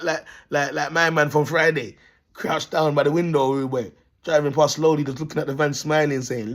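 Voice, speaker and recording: A man's voice: medium pitch, slightly rough. A man with a London accent telling a rambling, slang-filled story to his viewers, repeating himself and calling them "people". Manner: slangy, repetitive, bursts of laughter, addresses "people". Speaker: self-styled prophet vlogger.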